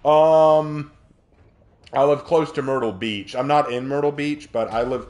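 A man's voice: mid-range voice, unhurried, darkish tone. A man from South Carolina hosting a game live stream, chatting in a rambling, jokey way with goofy asides. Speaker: streamer host. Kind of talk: joking live-stream chat while gaming.

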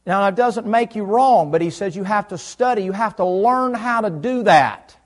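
High-voiced folksy preacher man. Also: moderate pace. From United States South. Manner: folksy, preachy, quizzing the crowd. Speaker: pastor. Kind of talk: sermon. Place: church.

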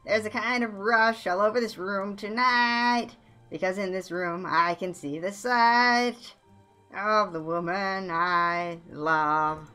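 A woman's voice: sits low, fairly quick, bright, forceful tone, faint music behind. Woman doing a lovesick young bard. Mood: dreamy. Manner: gushing, theatrical, sea metaphors. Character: lovesick young male bard, dreamy and flowery.

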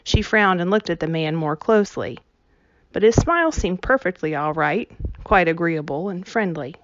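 Lady reading a storybook, measured, dry room sound. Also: fairly low pitch, animated, no echo, lo-fi sound. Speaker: audiobook reader. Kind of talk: reading a novel aloud.

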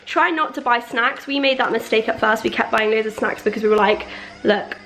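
A woman's voice: fairly high pitch, fairly quick, noisy background. A young woman in her twenties, chatting casually and playfully to the camera at home. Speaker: vlogger. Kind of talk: casual chat.

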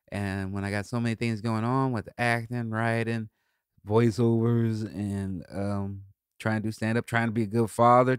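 A man hosting a podcast in a laid-back, rambling solo talk, swearing freely and breaking into high laughs. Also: smooth, dry recording, studio quality. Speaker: podcast host. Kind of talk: casual solo monologue.

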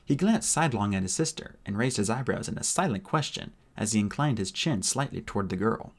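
A husky male narrator reads a fantasy novel aloud, reading in a casual, amateur style. His pitch swings in a lively way through each sentence. He voices the characters with energy. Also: fairly quick. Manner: expressive, animated reading with voices. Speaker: audiobook narrator.

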